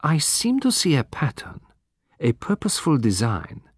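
A man voicing a fussy, precise little male detective, speaking politely and softly. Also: on the high side, wildly swooping pitch, normal speed, husky, no room sound, studio quality, voice pushed up, exaggerated voice. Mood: thoughtful. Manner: polite, precise, soft-spoken.

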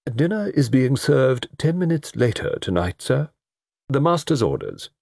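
A man's voice: mid-range voice, big pitch swings, measured pace, vocal fry, darkish tone, breathy edge, no room sound, studio quality, pitched above the performer's own voice, heavily acted. A man voicing a grave, dignified butler who speaks formally in a storybook reading. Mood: deferential. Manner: formal, deferential.

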